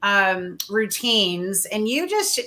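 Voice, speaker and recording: Bright, gushing female host. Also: medium pitch, sing-song, takes it slowly. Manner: effusive, gushing and enthusiastic. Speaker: talk show host. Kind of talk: casual interview.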